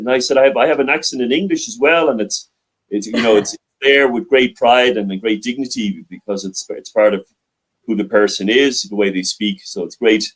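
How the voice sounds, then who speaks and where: A man's voice: medium pitch, a little fast, slightly rough, rough recording. An older man from Ireland with a mild Dublin accent, chatting as an interview guest, hesitant, with many restarts and fillers. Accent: Dublin Irish, mild. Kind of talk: casual interview chat. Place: library.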